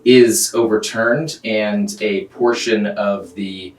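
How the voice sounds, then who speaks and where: A man narrating a tabletop game as game master. He describes scenes at length, often pausing on ums and uhs. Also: on the low side, fairly even intonation. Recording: roomy, distant mic, faint music.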